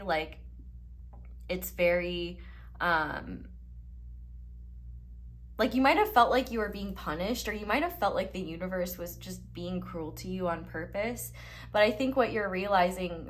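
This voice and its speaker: Young woman, slightly low voice, chatty encouraging tarot reader, filler-heavy casual delivery. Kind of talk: casual tarot reading to camera.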